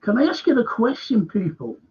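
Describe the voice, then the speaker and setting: A man's voice: very high-pitched, wildly swooping pitch, brisk, darkish tone, husky. A man hosting a live stream, rambling emphatically, repeating himself and firing questions at his viewers. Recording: dull lo-fi stream audio.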